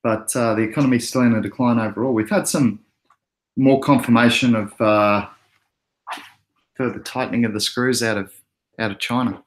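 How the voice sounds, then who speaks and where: A man's voice: mid-range voice, normal speed, pauses often. Laid-back Australian man, chatty streamer. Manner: relaxed, chatty, laughs often, reads chat aloud. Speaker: crypto livestream host. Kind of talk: casual livestream chat.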